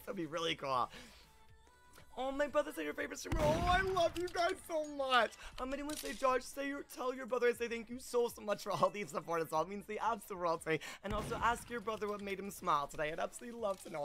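A man's voice: high-pitched, fairly bright tone. A young man live-streaming a game, bubbly and effusive, greeting viewers in a sing-song way.

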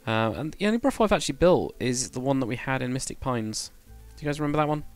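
A man's voice: medium pitch, animated, fast, soft background music. A man chatting casually to viewers on a live stream, rambling and correcting himself as he goes. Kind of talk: casual live-stream chat while building.

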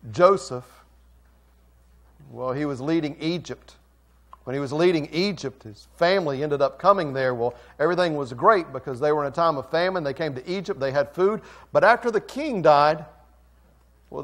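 Emphatic male pastor preaching. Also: a little high. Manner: emphatic preaching, swings from quiet to loud; repeats phrases for emphasis. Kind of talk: sermon.

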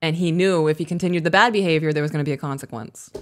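A woman co-hosting a podcast, talking casually and telling stories in a candid, animated way, swearing freely. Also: sits low, rapid-fire. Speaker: podcast co-host.

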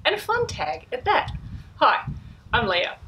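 Woman, host, higher voice, animated, teasing, casual, outdoor veranda, faint background noise. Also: unhurried. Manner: lively, teasing. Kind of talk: casual chat.

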